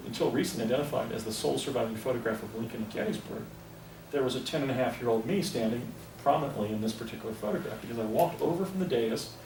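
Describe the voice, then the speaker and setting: A man's voice: mid-range voice, creaky. A man in his fifties giving a lecture presentation, rambling with frequent restarts and digressions. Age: 50s. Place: lecture hall. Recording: echoey room, distant mic, faint noise.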